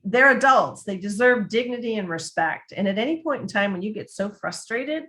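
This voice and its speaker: A woman's voice: mid-range voice, lively intonation, normal speed, fairly bright tone. A woman who writes on dementia care, giving a conversational talk with frequent restarts and acted-out quotes. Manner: chatty, frequent restarts, acts out quoted voices. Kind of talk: conversational presentation.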